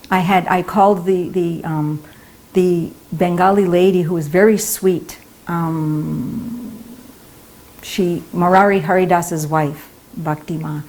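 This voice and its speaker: A woman with a somewhat low voice tells a personal story at a temple talk. She speaks earnestly and acts out the voices of the people she quotes. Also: darkish tone. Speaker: devotee speaker.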